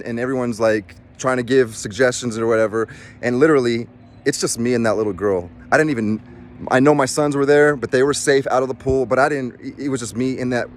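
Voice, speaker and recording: A middle-aged man recounts a personal story in a loose, rambling way, restarting sentences and acting out what people said. His voice sits at an ordinary pitch for a man. Faint street and traffic noise hums behind him outdoors. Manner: rambling, with many restarts and acted-out quotes. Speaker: former Marine recounting a rescue. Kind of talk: casual storytelling.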